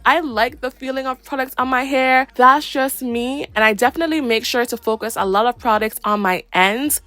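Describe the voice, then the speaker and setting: A woman's voice: a little high, a bit bright, no echo. A woman, talking through her hair wash routine in a chatty, playful voice-over full of sassy slang. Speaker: hair care vlogger. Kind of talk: casual voice-over tutorial.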